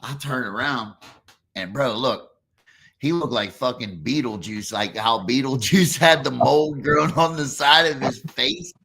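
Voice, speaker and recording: A man hosting a casual chat, telling stories in an animated, profane way. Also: medium pitch, measured pace, a little hiss or hum.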